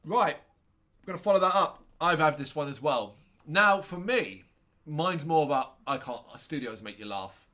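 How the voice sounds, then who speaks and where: A man with a somewhat high voice co-hosts a relaxed film discussion. He rants and mocks, swears freely, and keeps stopping to correct himself. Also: unhurried. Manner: ranting, sarcastic, swears, trails off and corrects himself. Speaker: co-host reviewing a film. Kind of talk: casual chat.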